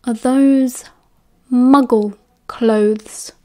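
A woman with a British accent voicing a spiteful teenage boy wizard who drawls slowly and coldly. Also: a little high, steady tone, dark tone. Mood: sneering. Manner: slow, drawling and cold.

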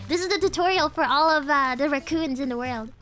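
A woman's voice: high-pitched, a little fast, fairly bright tone. A young woman streaming a game live, giggly and playful, with lots of slang, laughing often at what happens on screen.

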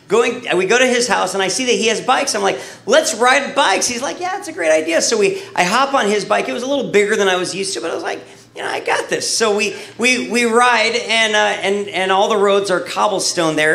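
A hoarse man preaching a story-driven sermon, rambling and correcting himself as he acts out a childhood tale. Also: high voice, bright, forceful tone. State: hoarse from losing his voice. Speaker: pastor. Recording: echoey church hall.

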